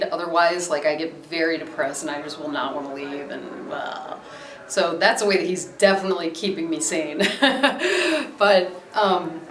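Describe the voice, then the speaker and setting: A young adult woman from Maryland, talking casually in a documentary interview with lots of fillers and easy laughter. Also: fairly low pitch. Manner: casual, chatty, many fillers, laughs easily. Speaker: interviewee, dog owner. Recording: echoey room.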